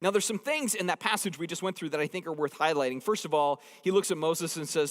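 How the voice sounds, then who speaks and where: A pastor with a fairly high voice preaches fast in a conversational, joking sermon, driving his points home by repeating phrases. A long hall reverb surrounds the recording.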